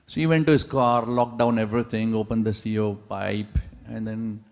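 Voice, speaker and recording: A man preaches to a congregation, telling his stories with animation and tossing rhetorical questions at the listeners. His voice has a gravelly texture and rings with the long reverb of a large temple hall. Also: fairly low pitch, moderate pace, faint music behind. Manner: animated storyteller, asks the audience rhetorical questions. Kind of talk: sermon with storytelling.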